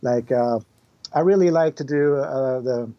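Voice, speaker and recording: Male guest, non-native English speaker, animated storyteller, laughs a lot, mid-pitched voice. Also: measured pace, lo-fi sound. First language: not English. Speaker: music composer, guest. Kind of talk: casual podcast chat.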